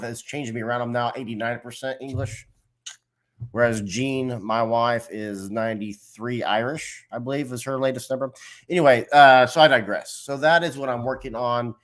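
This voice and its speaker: A middle-aged man hosts a casual livestream. He talks in a loose, rambling, friendly way, often breaking off to greet viewers from the chat. His voice sits at an ordinary middle pitch. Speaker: host of a livestream. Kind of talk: casual live-stream chat.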